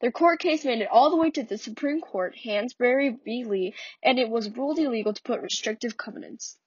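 A woman's voice: on the high side, a little fast, breathy edge, no echo. A young woman hosting a podcast, reading an earnest scripted summary of a play, with small restarts, on a slightly muffled recording. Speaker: podcast host.

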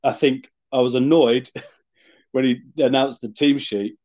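A man co-hosting a podcast, rambling through a casual sports chat with halting restarts. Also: medium pitch, fairly even intonation, darkish tone. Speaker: podcast co-host. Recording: dull lo-fi sound.

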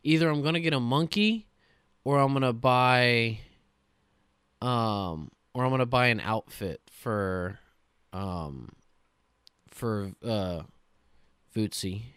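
A man ranting excitedly on a casual gaming podcast, swearing often. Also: medium pitch, slow pace, long pauses, clean tone, no echo, studio quality. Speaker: podcast co-host.

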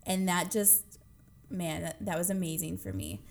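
A woman speaking earnestly in a casual conversation, getting animated when she retells moments. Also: on the low side, moderate pace, vocal fry. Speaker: guest sharing her experience. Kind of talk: casual chat.

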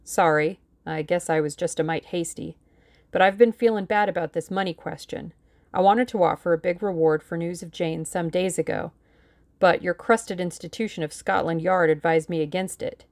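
A woman's voice: lowish voice, fairly even intonation, moderate pace, darkish tone, close to an everyday voice. A woman voicing a brash, blunt, wealthy young man.

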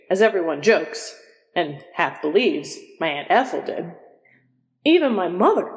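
A woman narrating a story in the first person, in a dry, measured and wry way. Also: fairly low pitch, darkish tone, in a large hall. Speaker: audiobook reader.

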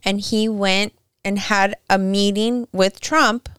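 A woman's voice: medium pitch, fairly even intonation, takes it slowly, a bit bright, smooth, no room sound, studio quality. A woman co-hosting a podcast in casual political chat, searching for words and rambling. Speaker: podcast co-host.

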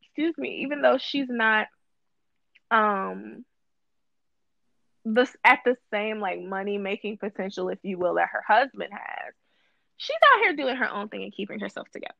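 Woman guest co-host, casual podcast chat, emphatic, gravelly, dry lo-fi sound. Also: mid-range voice, moderate pace, pauses often, pushed and bright, dry recording. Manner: emphatic, repeats phrases for stress.

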